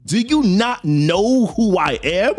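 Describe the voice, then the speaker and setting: Man reading blunt green warrior giant, slow, lively pitch, dry sound. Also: no echo. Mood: commanding. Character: mighty green male warrior king, blunt.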